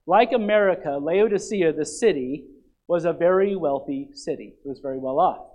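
Pastor, male, high-pitched voice, animated emphatic sermon delivery, restarts often. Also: normal speed, rough recording. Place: church.

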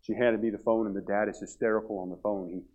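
A man's voice: on the low side, steady tone, fast talker, a little mellow. A middle-aged male pastor preaching a revival sermon, telling a story with many repeated restarts. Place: church revival service. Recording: dull lo-fi sound.

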